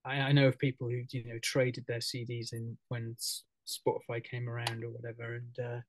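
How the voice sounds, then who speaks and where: A man, a musician guest on a radio interview, talking casually in a halting way, full of fillers and restarts, with frequent laughs. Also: medium pitch, completely flat delivery, background noise. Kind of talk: casual radio interview over a video call.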